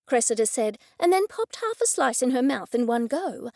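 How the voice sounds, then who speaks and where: A woman narrating a cozy mystery audiobook in first person, wry and even. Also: a little high, normal speed, gravelly, dry recording, clean studio sound.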